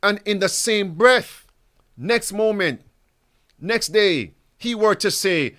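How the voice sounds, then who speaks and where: A man with a high voice preaches in an unhurried, deliberate way. He keeps turning to his listeners with pointed rhetorical questions and addresses them as beloved, friends, and brothers and sisters. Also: expressive, sharp tone. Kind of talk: preaching commentary.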